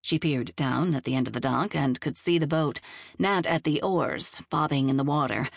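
A woman reading a novel aloud in measured, even storytelling. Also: sits low, vocal fry, no echo, studio quality. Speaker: audiobook narrator. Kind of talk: scripted narration of a novel.

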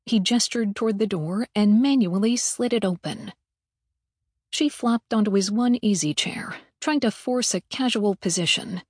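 A woman reading an audiobook aloud in an even, measured storytelling manner. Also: mid-range voice, slightly rough, dry recording, clean studio sound. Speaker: audiobook narrator. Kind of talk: scripted audiobook narration.

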